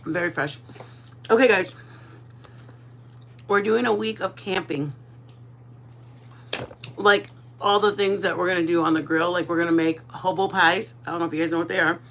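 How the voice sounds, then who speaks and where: A woman's voice: on the low side, fairly even intonation, moderate pace, long pauses, a bit bright, a little hiss or hum. A woman from Texas chatting casually while she cooks on a livestream, laughing often and mixing in Spanish words. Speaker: vlogger. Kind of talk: casual cooking livestream chat.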